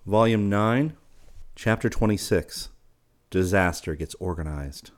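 A man narrates an audiobook in a steady, measured way. His voice is very low and even. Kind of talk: audiobook reading.

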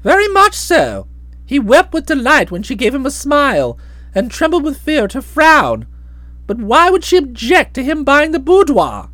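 A woman reading an audiobook, voicing a cheerful, breezy young gentleman who chats in an airy manner. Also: sits high, huge pitch swings, normal speed, no room sound, exaggerated voice. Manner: breezy, chatty.

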